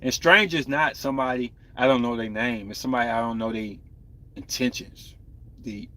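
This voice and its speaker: A man's voice: medium pitch, steady tone, normal speed, bright, forceful tone. A young man hosting a podcast, talking candidly and loosely with his viewers. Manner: candid, rambling, talks to viewers. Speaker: podcast host. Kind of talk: casual live-stream chat.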